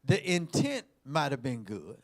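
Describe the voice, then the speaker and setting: A man preaching a sermon, emphatic, repeating words and swinging between shouts and quiet asides. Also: medium pitch, wildly swooping pitch, measured pace.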